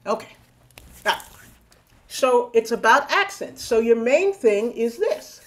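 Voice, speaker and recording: A woman's voice: a little high, sing-song, slow. Playful woman teaching body percussion. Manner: playful, coaxing, counts and chants rhythms aloud. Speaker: music teacher leading a body percussion lesson. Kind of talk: live online teaching. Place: home room on a video call. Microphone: video call.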